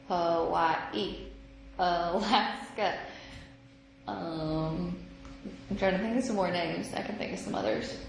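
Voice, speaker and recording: A woman teaching math at a slow, unhurried pace, with a low, gravelly edge to her voice. She talks patiently and thinks out loud through examples. The recording is very echoey, with clear background noise. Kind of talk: recorded classroom lesson.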